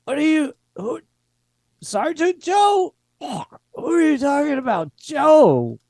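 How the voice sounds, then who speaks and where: A man's voice: very high-pitched, sing-song, slow pace, creaky, darkish tone, no room sound, studio quality, pitched above the performer's own voice, exaggerated voice. A man voicing a wounded, confused male soldier, sounding bewildered and protesting.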